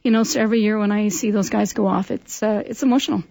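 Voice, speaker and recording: A woman's voice: medium pitch, fairly even intonation, fast, creaky, a little mellow, no echo. A middle-aged woman, a school administrator telling stories in a friendly, chatty interview, often laughing. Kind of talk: interview conversation.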